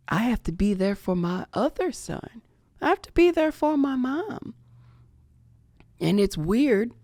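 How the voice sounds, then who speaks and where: Slow gravelly middle-aged woman, hushed. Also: on the low side, dry recording, studio quality. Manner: slow, reflective, often hushed and emotional. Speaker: podcast host. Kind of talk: personal grief reflection.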